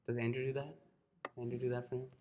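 A man's voice: medium pitch, flat delivery, fast talker, background noise. A man teaching a live coding class, who keeps checking in with his students and often apologizes. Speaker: coding instructor.

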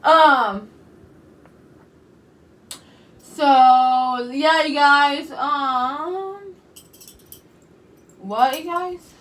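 A woman's voice: high voice, very slow, fairly bright tone, far from the mic. A young woman vlogging casually from her bedroom, rambling and repeating "you guys" over and over. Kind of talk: casual chat to camera.

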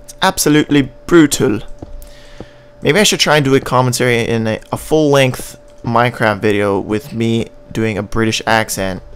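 The speaker is a Canadian-accented man hosting a gaming channel, offering casual commentary that rambles and jokes while he occasionally hums and scats tunes. His mid-range voice is steady and a bit bright, at a moderate pace with few pauses.

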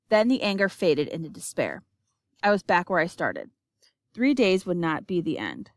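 A woman giving an expressive, measured audiobook narration. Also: lowish voice, dry recording, studio quality.

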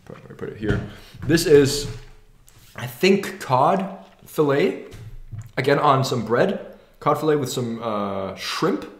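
A man's voice: medium pitch, sing-song, takes it slowly, pauses often. Give me a man joking casually while eating, in a roomy echoing space. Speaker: podcast co-host. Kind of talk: casual mukbang chat. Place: room, eating at a table. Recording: echoey room, faint table noise.

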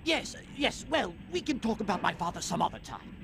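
A courteous young hero in a video game. His high voice moves with lively rises as he speaks formally and politely, with faint noise behind. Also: fairly quick, creaky, exaggerated voice.

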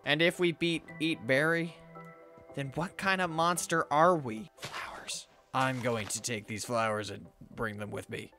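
A young adult playing a video game alone and commenting, excitable, talking to the game's animals and yelping when startled. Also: mid-range voice, moderate pace, soft background music. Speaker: let's play gamer.

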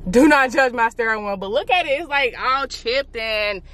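A woman's voice: fairly high pitch, lively intonation, normal speed, fairly bright tone. A woman beauty vlogger chatting casually and upbeat to her viewers from inside a car. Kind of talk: casual vlog chat to camera.

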